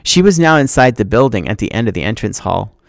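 A man's voice: fairly low pitch, fast talker, creaky, dry recording, studio quality. Man teacher reading a novel aloud. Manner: expressive, acting out the dialogue.

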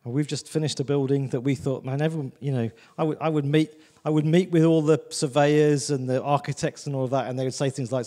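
Mellow-voiced man preaching conversationally. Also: fairly high pitch, animated, fast, hardly any pauses, long reverb tail. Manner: conversational, repeats "do you know what I mean". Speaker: visiting preacher. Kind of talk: sermon. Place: church.

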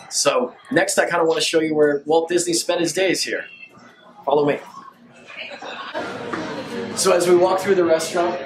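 A man's voice: a little high, noisy background. A man leading a walking tour of a restaurant, presenting its history in a friendly way with frequent fillers. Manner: friendly guide, pauses with fillers.

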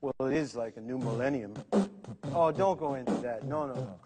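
An actor playing a dim-witted, know-it-all brother in an improvised sketch, with a nasal drawl ending lines with "eh". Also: male voice, mid-range voice, fairly quick, over loud music, natural voice. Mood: goofy. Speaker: sketch comedy co-host. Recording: echoey room with long reverb.

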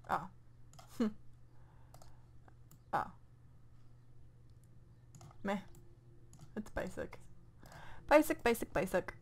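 Woman, New Zealand accent, young adult, rambling let's play chatter, mutters to herself, slightly high voice, desk mic. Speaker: gameplay commentator. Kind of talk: casual let's play commentary. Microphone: desk microphone.

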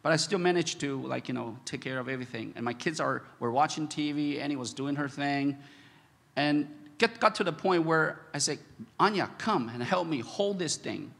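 A man preaching a sermon as a pastor, telling a personal story with laughter, swinging from loud shouts to hushed, quiet moments. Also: on the high side, fairly quick, gravelly, long reverb tail. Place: large church hall.

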